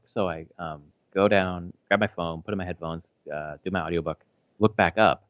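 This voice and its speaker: A man's voice: low voice, moderate pace, fairly bright tone, no room sound. A man in his thirties chatting casually as a podcast co-host, rambling with lots of fillers and restarts and swearing freely. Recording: slightly dull, dry audio.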